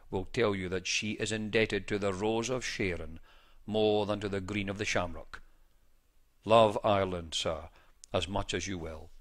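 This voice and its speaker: Male reader, low voice, measured formal delivery of an old account. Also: fairly bright tone. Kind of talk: scripted reading of an old first-person account.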